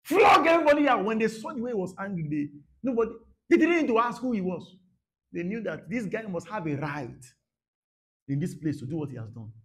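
A man delivering a sermon in a high, sing-song voice that leaps about in pitch. He drops into quiet murmurs, then shouts, repeating phrases to drive them home. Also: sing-song, brisk. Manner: dramatic, swings from soft murmurs to shouted bursts; repeats phrases for emphasis, laughs at his own points. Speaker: pastor.

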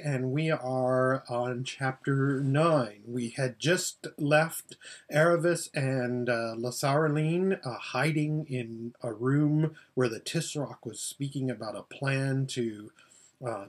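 A pastor reading a children's book aloud for a public library, gentle and unhurried. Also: male voice, mid-range voice. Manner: gentle, with frequent "uh" fillers.

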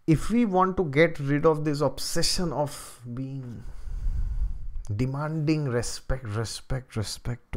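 A man's voice: medium pitch, gravelly. A man giving a spiritual lecture, asking rhetorical questions, repeating words for emphasis and chanting Sanskrit verses. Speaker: spiritual teacher and astrologer.

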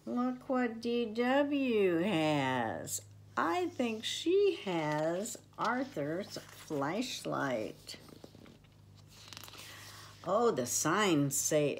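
Unhurried older storyteller, gentle and expressive, reads to children. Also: female voice, mid-range voice, slight background noise. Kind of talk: reading a storybook aloud.

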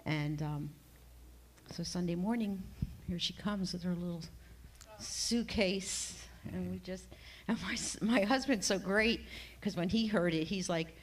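Woman with a lowish voice, rambling testimony. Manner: rambling, halting, with many fillers and restarts. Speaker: class member giving a testimony. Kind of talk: emotional personal testimony. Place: church classroom.

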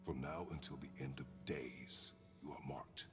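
An actor voicing a grim, terse warrior god and father, giving clipped commands in a deep gravelly voice over a game score. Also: fairly even intonation, moderate pace, over music. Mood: lecturing.

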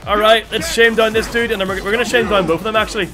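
A man with a Northern Irish accent, commentating live on his gameplay in an excitable, chatty way, calling out to his viewers. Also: sits high, racing. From Northern Ireland. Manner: excitable, chatty, calls viewers lads and chat. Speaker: game streamer. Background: music.

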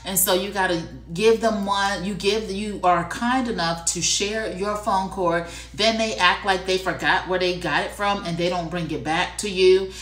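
A woman's voice: lowish voice, a bit bright, roomy sound. Chatty woman hosting a live sale. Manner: chatty, addresses viewers as y'all, repeats for emphasis. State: coughing and clearing throat. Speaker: livestream shopping host. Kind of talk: casual live-selling chat.

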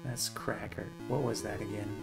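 A man's voice: lowish voice, little pitch movement, moderate pace, vocal fry, music in the background. Man muttering over retro gameplay. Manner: mutters and curses to himself under stress; wry, self-mocking asides. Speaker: streamer playing retro games. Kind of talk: live gameplay commentary.

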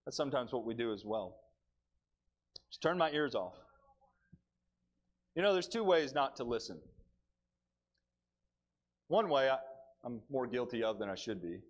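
A male preacher delivering a sermon in church, telling the story with animated, dry humor. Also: mid-range voice, measured pace, pauses often, muffled recording.

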